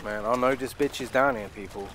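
Loud, swearing gaming host. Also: male voice, medium pitch, a little fast, a little hiss or hum. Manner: loud, swearing, keeps calling out to viewers. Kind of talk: let's play commentary.

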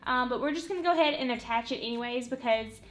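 Woman, casual craft tutorial, rambling, soft background music. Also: fairly high pitch, quick pace. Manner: chatty, rambling, says "y'all" and "literally". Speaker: craft vlogger. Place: home, working on a wall hanging.

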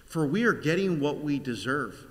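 A man's voice: fairly high pitch, expressive, moderate pace, natural voice. A man voicing a condemned man on a cross, pleading in a raised, urgent voice. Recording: long church reverb.

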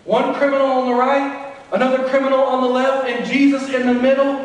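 A man's voice: extremely high pitch, monotone, a little fast. A man preaching a sermon as pastor, reading scripture aloud and explaining it to the congregation. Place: church sanctuary. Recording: echoey church hall from far off.

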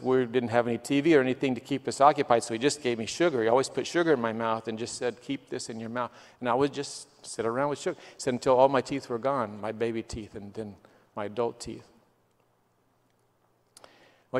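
A man giving a missionary's testimony sermon, telling stories in an earnest way that swells with emotion. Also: medium pitch. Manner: earnest storytelling, quoting people, swells with emotion. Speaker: guest missionary. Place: church sanctuary. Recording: long church reverb.

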